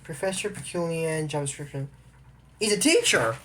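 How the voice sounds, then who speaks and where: A man's voice: high-pitched, normal speed, noisy background. Rambling chatty man recapping a cartoon. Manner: rambling, with asides and restarts; chatty, opinionated. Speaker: show recap commentator. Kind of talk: casual retelling of a cartoon episode.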